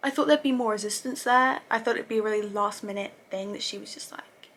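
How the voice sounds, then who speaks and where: A woman's voice: medium pitch, a little fast, a bit bright. A young woman casually recapping TV episodes, chatty and gushing, with lots of fillers and self-corrections. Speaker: TV review vlogger.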